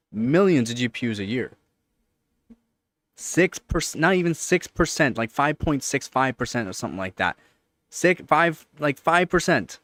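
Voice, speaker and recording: A man's voice: mid-range voice, a bit bright, no echo. A man with a Canadian accent, hosting a live stream and chatting casually, rambling and repeating points for emphasis. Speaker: livestream host.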